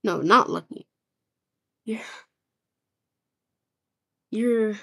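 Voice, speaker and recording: A woman improvising a rambling story narration, acting out groups of people in quick quoted asides. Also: mid-range voice, big pitch swings, creaky, fairly bright tone. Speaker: map series narrator.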